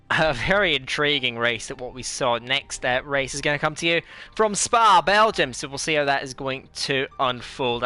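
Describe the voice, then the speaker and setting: A man hosting a racing league's post-race broadcast, his voice smooth, bright and a little high. He hesitates with frequent fillers as he asks questions. Faint music sits underneath.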